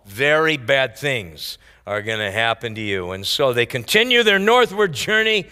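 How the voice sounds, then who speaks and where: A man's voice: medium pitch, big pitch swings, normal speed, bright, forceful tone, clean tone. A man preaching a sermon, telling a Bible story in casual, modern speech and acting out the characters' lines. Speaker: pastor. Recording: echoey hall.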